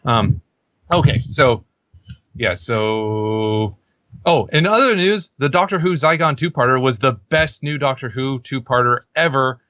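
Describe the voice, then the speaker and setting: A man's voice: mid-range voice, a little slow, pushed and bright, no room sound. A young man hosting a casual podcast chat, rambling and outspoken, often acting out what others said. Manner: rambling, outspoken, quotes others in put-on voices. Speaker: podcast host.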